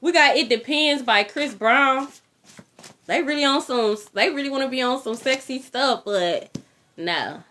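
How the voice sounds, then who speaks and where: Bright high-voiced woman reading tarot. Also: expressive, a little slow. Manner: blunt, profane, repeats herself. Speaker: tarot reader.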